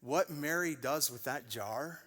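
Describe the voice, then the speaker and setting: A man's voice: medium pitch, a little slow. A man in his forties preaching a sermon to a church congregation, telling stories and acting out the voices in them. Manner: animated storyteller, acts out quoted voices. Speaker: pastor. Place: large church auditorium. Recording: long reverb of a church hall.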